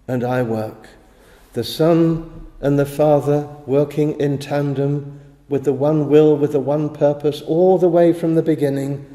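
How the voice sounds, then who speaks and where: Male pastor, sermon, dark mellow voice, halting restarts, roomy chapel echo. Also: on the high side. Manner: measured preaching with halting restarts. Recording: echoey chapel with long reverb.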